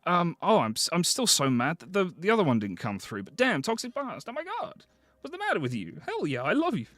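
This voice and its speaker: A man streaming live, chatting casually with viewers, excitable and swearing often as he thanks them. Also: fairly high pitch, brisk, dry recording. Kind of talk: casual livestream chat.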